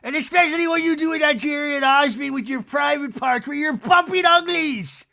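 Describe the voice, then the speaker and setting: A man's voice: fairly quick, creaky, bright, forceful tone, exaggerated voice. A man voicing a furious, disgusted woman who shrieks and screams in a comedic podcast impression. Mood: outraged shrieking. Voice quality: shrill, screaming.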